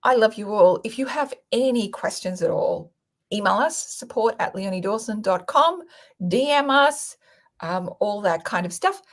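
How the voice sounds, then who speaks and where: A woman hosting a casual livestream, reading viewer comments aloud and pitching her course in a frank, excitable, sweary way. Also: moderate pace. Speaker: online business coach hosting a livestream.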